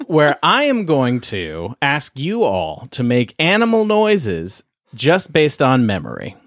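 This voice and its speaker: A man's voice: mid-range voice, wildly swooping pitch, slow, a bit bright, no room sound, clean studio sound. A man hosting a casual podcast game segment, teasing and playful as he quizzes his guests. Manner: playful, teasing quiz-master. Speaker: host.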